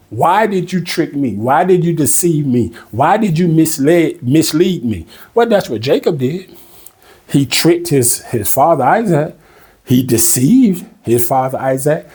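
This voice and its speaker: A man teaching a Bible study in a casual, emphatic, conversational way, reading the verses slowly. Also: a little high, mellow, husky.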